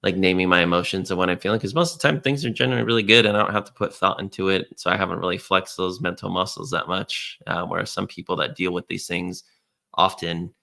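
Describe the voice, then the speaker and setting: A man co-hosting a podcast, talking in a relaxed, rambling way as he thinks aloud. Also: sits low, quick pace, gravelly. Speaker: podcast co-host. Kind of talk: casual chat.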